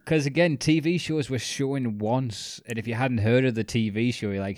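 A man's voice: medium pitch, normal speed, darkish tone, no echo, clean studio sound. A man chatting casually as a podcast co-host, retelling scenes with quoted voices, laughing often and swearing. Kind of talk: casual chat.

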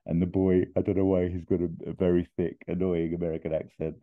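A man narrating a comedy film pitch in an animated way. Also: quick pace. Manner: animated, laughs while telling the story. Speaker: podcast host pitching a film scene. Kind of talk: comic storytelling narration. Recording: tinny phone-like sound.

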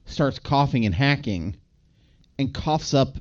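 A man's voice: mid-range voice, slow, dull audio. A man co-hosting a podcast, casually filling in plot details of a movie. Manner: relaxed, fills in plot details. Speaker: podcast co-host. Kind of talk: casual chat recapping a movie.

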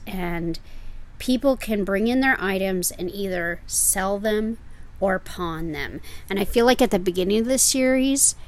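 Woman, podcast co-host, casual storytelling, unhurried delivery. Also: mid-range voice. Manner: storytelling, animated. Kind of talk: casual chat.

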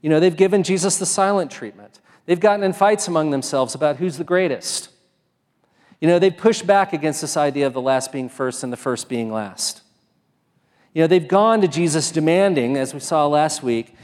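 A man's voice: a little high, moderate pace, darkish tone. Conversational male pastor preaching in a hall. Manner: conversational, many fillers and restarts. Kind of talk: sermon.

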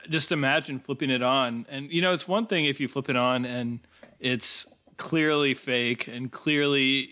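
A man co-hosting a casual podcast chat at a mid pitch. He thinks aloud as he talks, circling back and rephrasing as the thought forms. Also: fairly bright tone. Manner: musing, thinks aloud with restarts. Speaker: podcast co-host.

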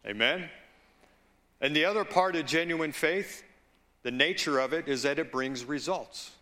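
A man preaching in a bright, clear-edged voice, taking his time over each phrase. He mixes personal stories into the sermon and checks in with the congregation as he goes. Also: a little high. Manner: slow, deliberate preaching with asides and call-outs to the congregation. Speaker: pastor.

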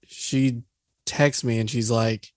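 A man's voice: mid-range voice, steady tone, slow, dry recording, clean studio sound. Laughing man, podcast co-host. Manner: laughing, self-deprecating. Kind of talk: casual chat.

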